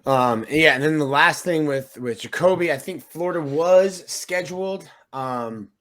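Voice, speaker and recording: Sports reporter dude on a podcast, bright tense voice, thinks out loud. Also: male voice, a little high, a little slow. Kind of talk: casual sports podcast chat.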